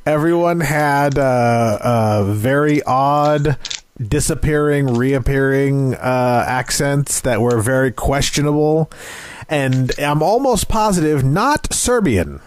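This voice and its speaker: A man's voice: mid-range voice, takes it slowly. A man co-hosting a casual movie review chat, talking in a crude, jokey, rambling way with many fillers. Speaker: podcast co-host.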